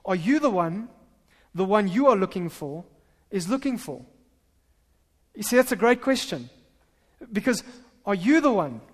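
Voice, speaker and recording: A man preaching a sermon as pastor, animated and full of stammered restarts. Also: sits high, a little slow, long pauses. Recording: reverberant hall.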